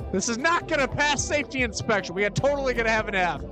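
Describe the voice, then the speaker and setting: A gaming streamer talks through a horror game, swearing freely and reacting with loud disbelief. Clear game music plays behind the commentary. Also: medium pitch, lively intonation, fast talker. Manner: swearing, incredulous, laughing reactions. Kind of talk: let's-play commentary.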